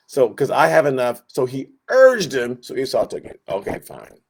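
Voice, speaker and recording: A man's voice: mid-range voice, huge pitch swings, normal speed, vocal fry, husky. A man teaching a Sunday school Bible lesson, telling the story in a casual, joking way and acting out what the characters say in different voices.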